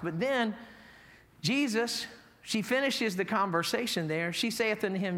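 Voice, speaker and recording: Bright-voiced folksy preacher. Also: male voice, sits high, animated, moderate pace. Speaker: pastor. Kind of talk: sermon. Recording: echoey hall.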